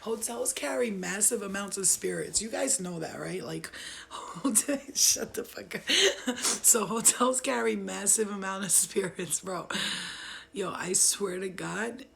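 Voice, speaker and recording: A woman's voice: medium pitch, a little slow, gravelly. A young woman casually telling viewers a ghost story, rambling, swearing and laughing often.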